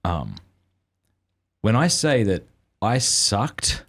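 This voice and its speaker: A man hosting a podcast, chatting casually and breaking into quick, jokey asides. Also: fairly low pitch, wildly swooping pitch, a bit bright. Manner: jokey, bursts into fast laughing asides. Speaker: podcast host.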